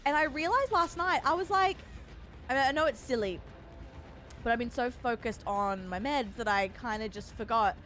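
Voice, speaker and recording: A woman's voice: fairly high pitch, normal speed, fairly bright tone, a little hiss or hum. A young woman streaming from home, chatting casually and rambling as she greets her chat by name.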